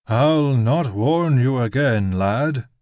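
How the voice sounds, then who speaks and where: A man playing a slow, sneering drunk nobleman. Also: mid-range voice, dry recording, voice pushed up, natural voice. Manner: slow, loud, menacing drawl.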